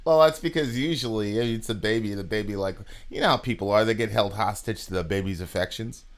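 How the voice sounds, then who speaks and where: A young man co-hosting a casual podcast conversation, talking in an animated way and repeating words as his thoughts pile up. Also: lowish voice, fast. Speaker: podcast co-host.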